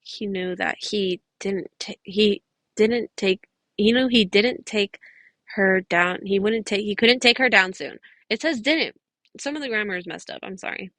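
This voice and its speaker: A woman's voice: medium pitch, unhurried, sharp tone, no echo, low-quality recording. Woman reading fan fiction, dry close sound. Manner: stumbling, restarts phrases, chatty asides. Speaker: podfic reader.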